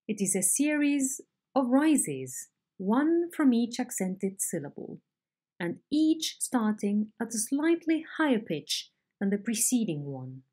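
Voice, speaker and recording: A woman teaching a phonetics lesson, explaining slowly and modelling intonation patterns on example sentences. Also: on the high side, big pitch swings, warm tone, husky. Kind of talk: recorded online lecture.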